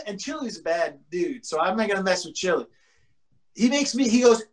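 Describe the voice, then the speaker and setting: A man who pitched professionally tells relaxed tales about the game with lively delivery. He acts out his teammates' lines, swears casually, and speaks at normal speed.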